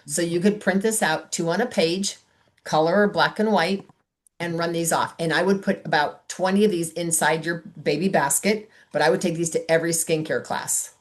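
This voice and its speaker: A woman's voice: fairly low pitch, steady tone, normal speed. A middle-aged woman on a video call, chatting casually as she coaches a sales team and acts out talks with customers.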